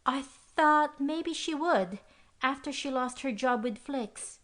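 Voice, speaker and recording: A woman's voice: sits high, slow pace, fairly bright tone, voice pushed up. A woman reading an audiobook, voicing a nervous teenage girl detective, her voice trembling. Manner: trembling, breathless.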